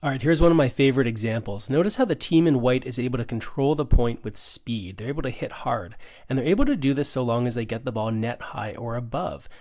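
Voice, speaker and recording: A man's voice: mid-range voice, fast, few pauses, darkish tone. A middle-aged man, a pickleball coach, giving an upbeat conversational lesson full of rhetorical questions. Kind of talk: instructional explainer.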